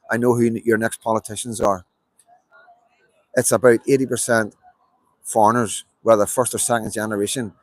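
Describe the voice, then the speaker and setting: A man's voice: mid-range voice, no echo, poor audio. A middle-aged man with a Belfast accent, streaming a rambling live monologue, emphatic and repetitive with many fillers. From Belfast, Northern Ireland. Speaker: livestreamer.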